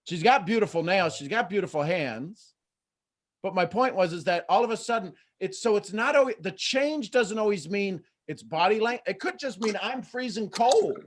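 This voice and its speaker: A middle-aged man hosting a live motivational coaching call, lively and acting out quoted voices. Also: high-pitched, normal speed. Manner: animated, acts out quoted voices. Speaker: host and coach.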